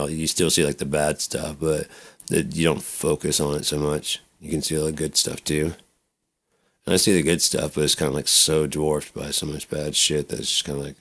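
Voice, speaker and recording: A vlogger rambles through his own life in a personal video, swearing freely and slipping into voices as he tells stories. His voice is a rumbling low with a slightly bright edge.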